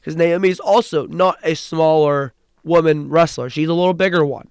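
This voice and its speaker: A young man co-hosting a podcast, recapping wrestling in an excited, rambling way with frequent restarts. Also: a little high, moderate pace, clean tone, no room sound, studio quality. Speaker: podcast co-host. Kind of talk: casual chat.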